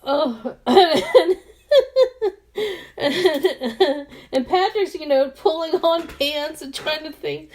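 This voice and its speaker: A woman's voice: high voice, extremely slow, a little mellow. A woman in her fifties telling a rambling story while doing her makeup, with many restarts and frequent laughter. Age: 50s. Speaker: beauty vlogger.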